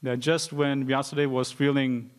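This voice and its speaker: A man's voice: mid-range voice, flat delivery, moderate pace, clear, resonant tone. A man giving an informal scripture class in a temple, telling stories loosely with many fillers. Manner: storytelling with many "like" and "you know" fillers. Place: temple hall.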